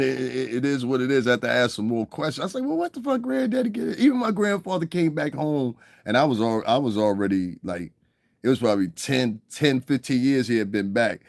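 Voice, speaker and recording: A man's voice: medium pitch, animated, brisk, no echo. A man holding forth on a livestream in a mid-range voice, rambling from rant to anecdote. He swears freely, laughs at his own stories and keeps checking that you follow him. The sound is dry and close. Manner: profane, rambling, keeps asking "you understand what I'm saying", laughs often. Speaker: livestream commentator. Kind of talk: rambling casual livestream commentary.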